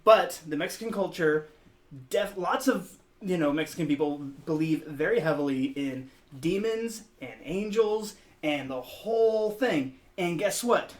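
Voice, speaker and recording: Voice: medium pitch, lively intonation, measured pace. A player arguing a case at length over a card game, with laughter in between.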